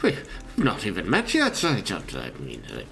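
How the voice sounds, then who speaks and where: A man's voice: lowish voice, huge pitch swings, normal speed, creaky, a bit bright. A man chatting casually during a game session, playful and laughing. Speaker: podcast player. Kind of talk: casual gaming chat. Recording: music playing behind.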